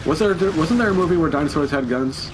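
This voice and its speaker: A man casually commenting on a game he is playing, wry and quick to laugh. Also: on the high side, expressive, heavy background noise. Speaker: let's play commentator.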